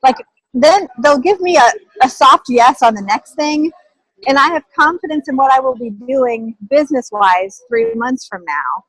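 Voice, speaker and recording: A woman's voice: high-pitched, lively intonation, moderate pace, dry recording, low-quality recording. A woman sharing a thought with her team leader, hesitant, restarting and trailing off.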